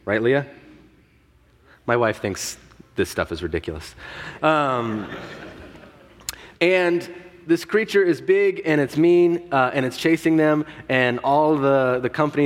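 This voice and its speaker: A married man preaching a sermon, reading scripture and praying, then talking in a loose, joking way with many fillers and restarts. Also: mid-range voice. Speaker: pastor. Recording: long reverb of a large hall.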